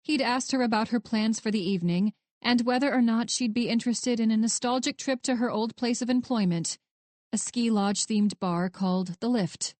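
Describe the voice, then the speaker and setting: A woman narrating a romance audiobook in an even, measured storytelling voice. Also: a little high, no room sound.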